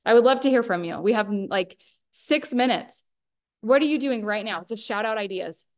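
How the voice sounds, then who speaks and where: A woman's voice: a little high, animated, normal speed. A woman in her thirties giving an earnest motivational talk to a small group, coaching them and asking them questions. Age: 30s. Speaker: workshop speaker.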